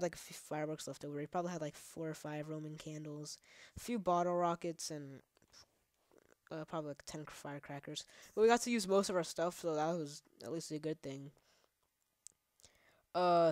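Brief: low-voiced woman, casual let's play host, rambling and profane. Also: darkish tone, dry recording, clean studio sound. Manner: rambling, profane, many fillers; trash-talks the game. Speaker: gaming channel host.

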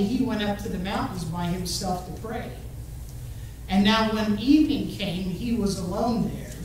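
A man delivers a sermon at an unhurried pace, speaking directly to his congregation and pressing them to answer back. His voice rings through a very reverberant church sanctuary and is picked up from some distance. A faint hum sits underneath. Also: sits high. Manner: expressive, talks straight to the congregation and urges them to join in. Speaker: preacher. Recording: very echoey church, voice from far off the mic, faint hum.

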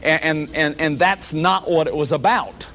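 A man's voice: a little high, moderate pace, pushed and bright, slight background noise. A man giving a public lecture on shame and recovery, earnest and conversational, often repeating himself and saying "you see" to the audience.

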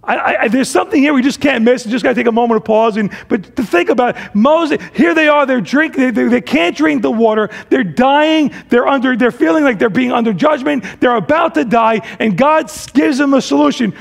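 A man preaching with a high, gravelly voice. He swings from loud, pressing emphasis down to hushed, drawn-out phrases. Now and then he acts out his characters in a casual voice. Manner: acts out the Israelites' complaints in a casual voice. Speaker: pastor. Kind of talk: sermon.

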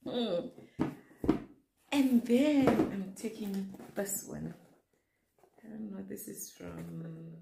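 A woman's voice: mid-range voice, drawn-out words, vocal fry, pauses often. A young woman vlogging an unboxing in a casual, gushing way, talking straight to her viewers. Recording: echoey room with faint noise.

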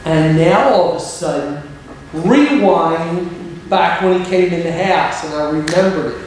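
A middle-aged man, an evangelist, telling a story in a sermon with lively humorous asides, recorded in a church hall. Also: a little high, a little slow, slight background noise. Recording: very echoey hall, faint ambience.

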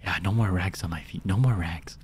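A man's voice: low voice, brisk, slight background noise, voice pushed down, lightly acted. A man voicing a small, greedy male gem goblin with a spitty, wet-mouthed voice, muttering to himself while improvising role-play over a video game. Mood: hopeful.

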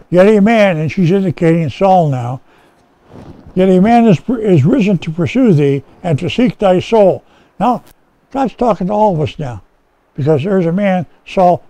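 Teaching the Bible informally at a rescue mission chapel, this pastor keeps things folksy and chatty, checking in with "okay?" again and again and restarting many sentences. His voice is a little high, gravelly and mellow, captured in a dry, poor-quality recording.

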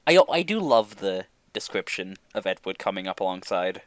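A man co-hosting a book club podcast, animated and laughing often as he chats and reads aloud. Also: deep voice, normal speed, dry recording. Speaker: podcast co-host. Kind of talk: casual book club chat and reading aloud.

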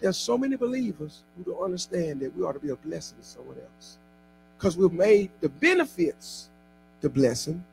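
Pastor, male, very high and gravelly, lively call-and-response preaching in church. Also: normal speed, noisy background. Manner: exhorting call-and-response preaching, often shouting. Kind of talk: sermon.

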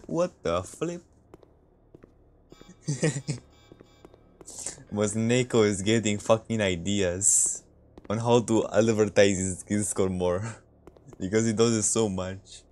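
A man's voice: on the low side, takes it slowly, pauses often, a little mellow, faint music behind. A man streaming a multiplayer game, chatting casually with players and laughing often. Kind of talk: casual gaming livestream chat.

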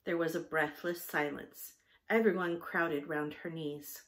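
A woman reading a children's novel aloud in a patient, teacherly way, pausing to spell out hard words. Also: low-pitched, steady tone. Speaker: reader. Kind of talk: storybook read-aloud with spelling breaks.

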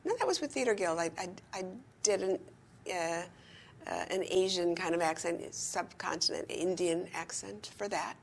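Older lady chatting away, lowish voice, bursts of enthusiasm. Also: normal speed, vocal fry. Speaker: interview guest. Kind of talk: casual chat. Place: retirement community.

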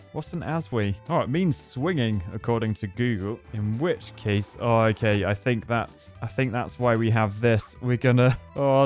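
A man in his thirties hosting a gaming video, chatting playfully as he thinks aloud and bursts into excited yelps. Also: mid-range voice. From Britain. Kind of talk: playful game commentary.

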